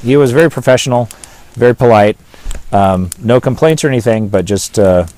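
A man's voice: medium pitch, brisk, mellow. A man with a Pacific Northwest American accent telling a story in an interview, rambling and hesitant, with many fillers and restarts. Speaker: pastor and witness.

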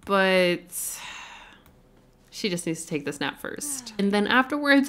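A woman hosting a casual let's-play video, chatty and quick to laugh while she plays. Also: medium pitch, fairly bright tone. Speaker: gaming video host.

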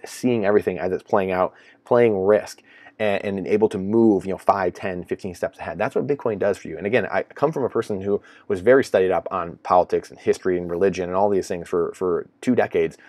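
A man's voice: fairly low pitch, darkish tone, no room sound. A man in casual solo commentary, rambling and repeating himself, sounding incredulous. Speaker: finance commentator.

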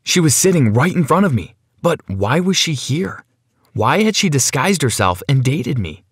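A man narrates his own story for an animated video, leaning into the drama with an anxious edge. His voice sits in a middle range and moves up and down a lot as he tells it. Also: mid-range voice, a little slow, slightly rough, no room sound, clean studio sound. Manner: dramatic, anxious first-person telling.

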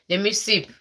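This woman sounds husky, with a fairly low pitch and a pushed, bright delivery. As a vlogger chatting casually with her live viewers, she tells a story with plenty of drama and exclamation, dropping in local words.

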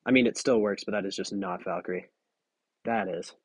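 A man's voice: fairly low pitch, a little fast, breathy edge, no room sound, clean studio sound. A tired young man giving casual, giggly, self-mocking commentary while playing a mobile game. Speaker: gaming video creator.

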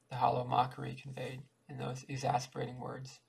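A man reading a classic short story aloud in a steady, unhurried way. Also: mid-range voice, vocal fry, slightly rough, far from the mic, poor audio. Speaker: audiobook reader.

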